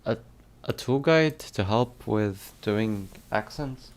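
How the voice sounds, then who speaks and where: A man's voice: lowish voice, takes it slowly. A man streaming casually as he works on his game, reading questions aloud and musing over the answers. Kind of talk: casual live-stream chat.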